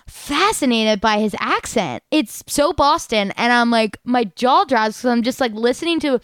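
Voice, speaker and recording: A woman from the Philadelphia suburbs co-hosting a podcast, chatty and quick to laugh. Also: fairly high pitch, lively intonation, fairly bright tone, clean tone, no room sound, studio quality. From Delaware County, Pennsylvania. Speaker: podcast co-host. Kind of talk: casual chat.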